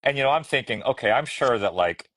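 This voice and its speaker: A man's voice: medium pitch, expressive, fast, a bit bright. A middle-aged man, a children's book illustrator, telling casual anecdotes as a podcast guest, chatty and laughing, often restarting his sentences. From United States. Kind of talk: casual storytelling conversation.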